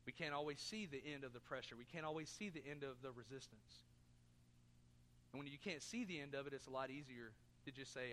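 Bright-voiced pastor preaching in a hall. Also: male voice, medium pitch, a little fast, slight background noise. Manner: earnest, asks the congregation questions, jokes. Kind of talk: sermon. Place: church sanctuary.

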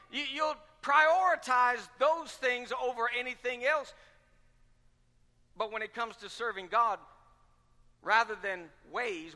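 A man's voice: very high voice, lively intonation, measured pace, bright, forceful tone. A man pastor preaching a sermon with fervent, repetitive rhetorical questions. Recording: long reverb of a large hall.

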